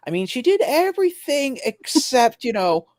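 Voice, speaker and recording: A man's voice: very high voice, very animated, moderate pace, a little mellow, no room sound, clean studio sound. A man hosting a casual livestream chat, rambling with frequent restarts and easy laughter. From Canada. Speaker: livestream host.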